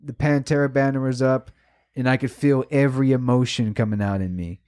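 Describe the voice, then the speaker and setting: Excited swearing man telling a concert story. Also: medium pitch, fairly quick, smooth. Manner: emotional, swears a lot, animated storytelling. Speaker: podcast co-host. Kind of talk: casual chat.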